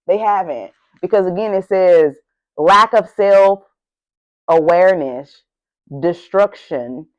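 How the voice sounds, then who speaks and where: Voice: medium pitch, highs cut off. An adult tarot reader doing a casual reading to camera, speaking bluntly and emphatically with lots of profanity and a heated, ranting delivery.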